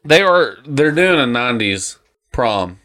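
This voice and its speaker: A man in his thirties chats casually as a podcast co-host. He rambles and jokes, and his pitch swings up and down in an animated way. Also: measured pace. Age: 30s. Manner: rambling and jokey, lively pitch. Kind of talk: casual chat.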